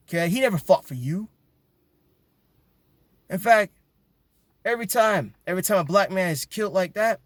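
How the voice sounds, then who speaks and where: Man ranting emphatically, slightly high voice. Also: a bit bright, dry recording. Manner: emphatic, ranting, repeats words when worked up. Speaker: video commentator. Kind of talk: impassioned monologue.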